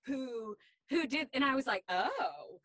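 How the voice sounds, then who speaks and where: A woman's voice: fairly low pitch, animated, a little slow, bright, forceful tone, no echo. A woman from Tennessee, a voiceover actress, talking casually as a podcast guest and rambling with many restarts. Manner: rambling, full of fillers and restarts. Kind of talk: casual conversational interview.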